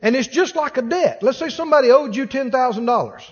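A pastor preaches a sermon in a very high, husky voice at a quick pace, animatedly acting out the voices of the people in his stories. The recording is muffled and sounds like a big room.

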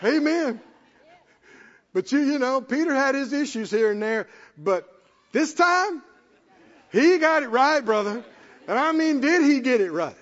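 In a dull, lo-fi recording with long hall echo, a man with a very high voice delivers a sermon at a moderate pace. His delivery is lively and swooping, and he folksily repeats himself in plain language for emphasis.

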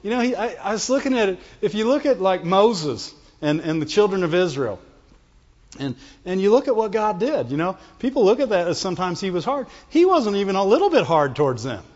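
A man preaching a sermon, animated and playful, acting out whining voices and laughing often. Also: sits high, brisk. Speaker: pastor. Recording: dull sound with long hall reverb.

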